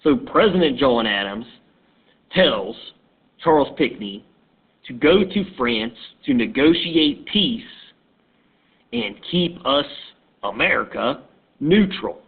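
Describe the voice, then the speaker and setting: A male teacher walks through a history lesson as a loose, halting story. His delivery is slow and husky. The recording is thin and phone-like. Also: mid-range voice, expressive. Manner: conversational, halting, digressive.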